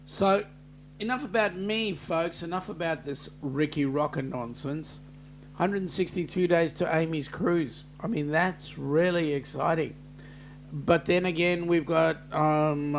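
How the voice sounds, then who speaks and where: An Australian man with a gravelly, fry-laden voice hosts a relaxed live-stream chat. He talks slowly and jokes around, greeting viewers by name. A faint hum sits under his voice. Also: on the high side. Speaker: host. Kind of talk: casual live-stream chat reading comments.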